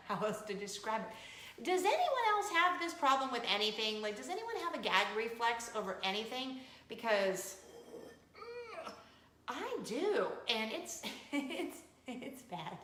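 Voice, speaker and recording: A woman in her forties hosts a casual chat show in a playfully dramatic, self-mocking way. Her voice is bright and crisp and swoops up and down. The room is echoey, with a faint hum behind her. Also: on the high side, very animated, a little slow. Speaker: host of a weekly coffee talk show. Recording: roomy echo with faint room noise.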